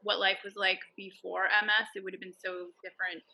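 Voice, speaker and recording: Very bright-voiced Canadian woman guest. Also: mid-range voice, brisk, low-quality recording. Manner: relaxed and thoughtful, with hesitations and fillers. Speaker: podcast guest, blogger. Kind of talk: casual interview answers.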